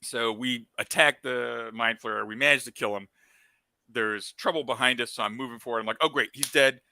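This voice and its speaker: A man, the special guest on a gaming talk show, telling rambling game-table anecdotes full of fillers and excited asides. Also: mid-range voice, moderate pace, creaky, dry recording. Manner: excitable and animated when retelling. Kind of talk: casual storytelling chat.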